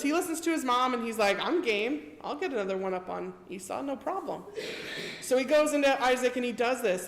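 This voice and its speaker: A woman preacher giving a casual sermon, retelling scripture in a chatty storytelling way. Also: a little high. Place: church. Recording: echoey church hall reverb.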